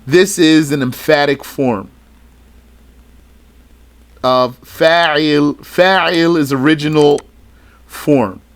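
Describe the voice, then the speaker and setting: A man's voice: on the high side, very slow, long pauses. A man teaching a religious studies lesson, reading out a list item by item and adding short explanatory asides. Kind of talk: slow recitation lesson.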